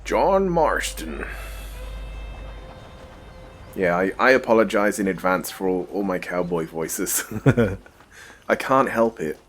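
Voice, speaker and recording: Low-voiced man doing joking game commentary. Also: measured pace, fairly bright tone, slight background noise. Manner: joking, self-deprecating asides. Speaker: streamer. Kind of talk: casual let's-play commentary.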